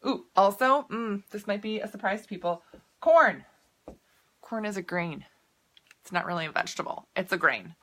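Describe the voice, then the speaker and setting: Bright, chatty woman coach. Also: mid-range voice, animated, moderate pace, long pauses. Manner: chatty and upbeat, drifting into tangents and laughing. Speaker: nutrition coach. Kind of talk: casual live video talk answering viewer comments.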